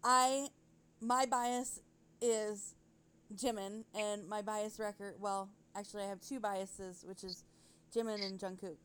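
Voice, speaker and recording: A woman's voice: mid-range voice, fairly even intonation, takes it slowly, a bit bright, clean tone. A woman hosting a podcast in casual chat, rambling and giggly, often breaking off to correct herself. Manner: rambling, giggly, self-interrupting. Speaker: podcast host.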